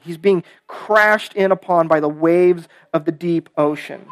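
A man's voice: high voice, fairly even intonation, normal speed, few pauses, dry recording. A man preaching a sermon in a casual, conversational way, full of "kind of" and "right?", who reads scripture aloud with rising emphasis.

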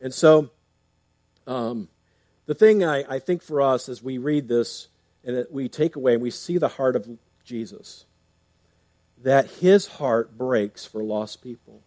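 A man's voice: medium pitch, unhurried, warm tone, dry recording. A man preaching a sermon in a conversational way, reading scripture aloud and explaining it, often restarting with fillers. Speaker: pastor.

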